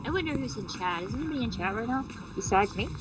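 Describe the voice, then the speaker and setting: A woman's voice: on the high side, animated, fast talker. A woman streamer feeling sick with a sore throat, rambling and swearing with lots of fillers in casual live-stream chat. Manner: rambling, profane, many fillers. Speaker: game streamer. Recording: distant mic with music.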